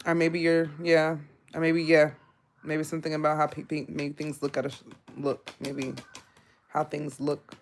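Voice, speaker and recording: Woman, 30s, blunt live tarot reader with a lower voice, rambling chat that jumps up in pitch. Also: moderate pace, a little hiss or hum. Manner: blunt, animated, laughing asides.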